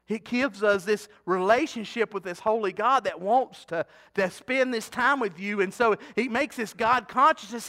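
A man's voice: high-pitched, bright, forceful tone. A middle-aged man preaching a sermon in a folksy, talkative way, often asking the congregation questions. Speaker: pastor.

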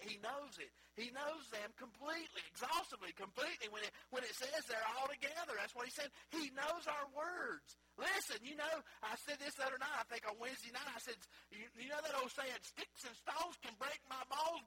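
A man preaching a sermon as pastor in a church, moving between emphatic peaks and quiet asides. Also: very high-pitched, a little hiss or hum, rough recording. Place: church sanctuary.

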